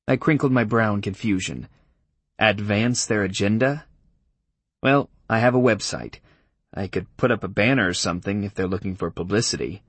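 A male audiobook narrator with a low, husky voice telling a first-person story. His delivery is dry and wry, and the recording is close and dead, with no room sound at all. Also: moderate pace, dry recording.

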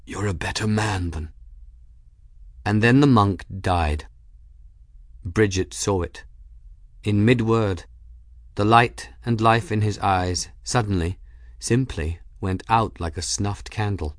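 A man reading a novel aloud as narrator, steady and measured. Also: lowish voice, dry recording, studio quality. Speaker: audiobook narrator. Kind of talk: scripted narration.

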